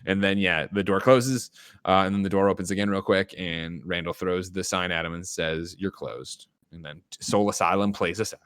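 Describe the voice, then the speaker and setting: Man, deep voice, quick scene-by-scene recap, casual cursing, dry close sound. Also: steady tone, fairly bright tone, clean tone, no echo. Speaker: podcast host. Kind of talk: casual movie review chat.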